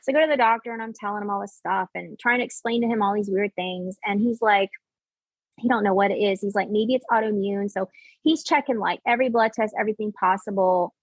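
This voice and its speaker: A woman in her forties telling her personal story as a podcast guest, casual and animated, acting out what others said and filling her speech with "like.". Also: medium pitch, fast talker, dry recording, rough recording. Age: 40s. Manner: animated, acts out quoted dialogue, many "like" fillers.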